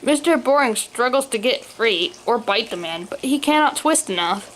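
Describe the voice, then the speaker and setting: A woman's voice: on the high side, lively intonation, normal speed, hardly any pauses, a bit bright. A woman narrating a funny storybook aloud, with the odd slip while reading. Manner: reads aloud, occasional slips. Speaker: story reader.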